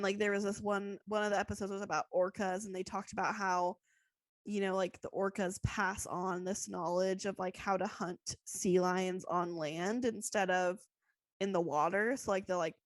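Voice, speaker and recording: A woman's voice: medium pitch, steady tone, moderate pace, no echo. Rambling woman on a podcast. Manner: rambling, lots of "like" and "um". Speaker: podcast co-host. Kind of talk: casual chat.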